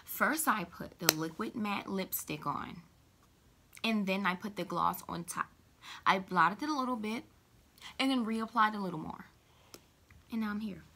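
A woman chatting casually to camera as a beauty vlogger, playful and full of quick asides. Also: mid-range voice, gravelly, bright, forceful tone.

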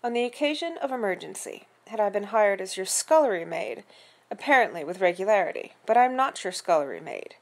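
A woman puts on a haughty, stiff-backed butler from a children's storybook, who lays out each ornate phrase slowly and precisely. His voice sits at a middling pitch, and he keeps an unbending, formal politeness. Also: expressive, gravelly. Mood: stiffly formal. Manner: formal, measured, slow and precise diction. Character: stiff, pompous middle-aged male English-style butler.

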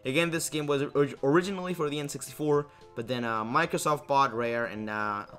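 A man's voice: mid-range voice, brisk, a bit bright, smooth, soft background music. A young man casually commenting while playing a video game, rambling and joking about himself, with lots of fillers. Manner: rambling, self-deprecating, many fillers and restarts. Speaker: let's play host.

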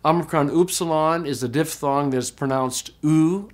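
A man teaching a recorded class, explaining step by step, often checking in with "okay?", and slowing way down to model pronunciations. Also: a little high. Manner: slow, drawn-out demonstration of pronunciations. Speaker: Greek teacher.

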